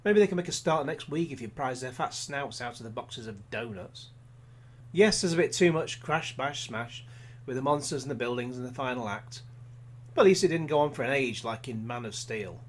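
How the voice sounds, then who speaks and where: A man's voice: medium pitch, expressive, normal speed. A man reading a scripted film review voice-over, with dry, sarcastic humour.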